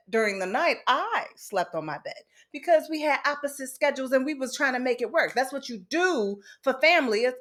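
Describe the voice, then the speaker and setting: An American podcast host tells a frank, casual story from her childhood, swearing now and then. Her voice is medium in pitch with a fairly bright tone.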